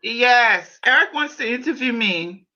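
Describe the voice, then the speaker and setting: Woman podcast host, super bright voice, dull lo-fi sound, chatty and playful. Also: on the high side, a little slow. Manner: animated, playful, repeats herself. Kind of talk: casual livestream chat.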